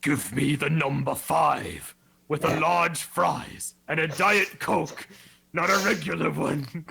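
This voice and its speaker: A man putting on a slow, menacing voice of a male warlord villain as a joke on a podcast call. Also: a little high, creaky, sharp tone, slightly rough, heavily acted. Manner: slow, drawn-out villain delivery.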